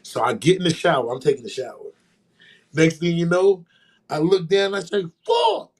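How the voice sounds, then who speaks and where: Speaking at normal speed, a male podcast co-host tells a story in a casual chat. He brings the people in it to life, animatedly acting out their quoted voices with large pitch jumps.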